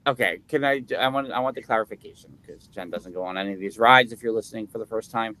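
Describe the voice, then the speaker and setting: A man's voice: lowish voice, fast, bright, forceful tone. A man co-hosting a casual podcast chat, rambling and jokey, often restarting his sentences. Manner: rambling, self-interrupting, jokey. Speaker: podcast co-host.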